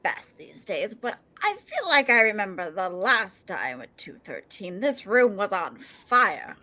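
A woman playing in a tabletop game, excitable and quick in the back-and-forth. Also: mid-range voice. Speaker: player. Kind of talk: casual tabletop play.

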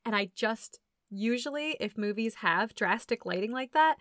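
A woman co-hosting a casual movie chat, animated and laughing, acting out scenes in quick voices. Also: on the high side, dry recording. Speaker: podcast co-host reviewing a movie.

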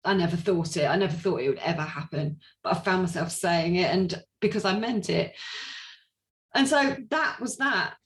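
A woman from England, an interview guest giving a personal testimony in animated storytelling with frequent laughter and fillers. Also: lowish voice, normal speed.

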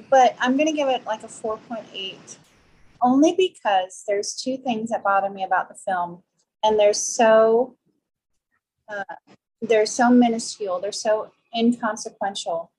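A woman's voice: a little high, a little slow, a little mellow, slightly rough, rough recording. A woman guesting on a film podcast, talking casually with hesitant ums. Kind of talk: casual chat.

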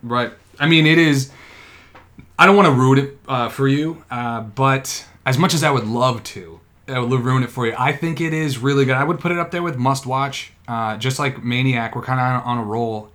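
A man in a loose podcast conversation, spinning a long, profane story with plenty of hedges and restarts. His voice sits at an ordinary middle pitch, neither deep nor high. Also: a bit bright. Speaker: podcast co-host or guest. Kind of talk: casual podcast chat.

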